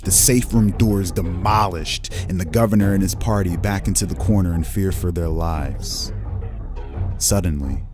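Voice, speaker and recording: Man, game master, tabletop game narration, cinematic scene-setting, low voice, faint background music.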